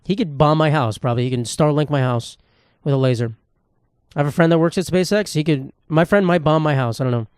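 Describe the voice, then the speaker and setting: A man's voice: on the high side, fast talker, a little mellow, clean tone, dry recording, studio quality. A young man hosting a solo podcast from his apartment, rambling and swearing in a jokey way. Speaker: podcast host.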